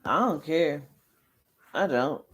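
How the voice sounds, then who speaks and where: A woman's voice: sits low, animated, slow, slightly rough, highs cut off. A woman hosting a livestream, lecturing viewers bluntly and emphatically with heavy swearing, and answering commenters by name. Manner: lectures sternly with repeated warnings. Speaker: livestream host. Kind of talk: live chat with viewers.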